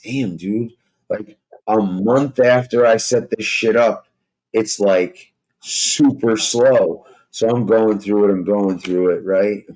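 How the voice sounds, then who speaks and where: A man's voice: fairly low pitch, slow pace, darkish tone, low-quality recording. Rambling, foul-mouthed man telling a story. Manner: rambling, profane, heavy with fillers. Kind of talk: casual storytelling.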